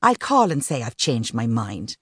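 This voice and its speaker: A woman's voice: a bass voice, very animated, moderate pace, husky, no echo, studio quality, voice pushed down, full character voice. A woman doing a bubbly, cheeky young woman. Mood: dreamy gossip. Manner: bubbly and playful. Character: vivacious, cheeky young Irish woman teacher.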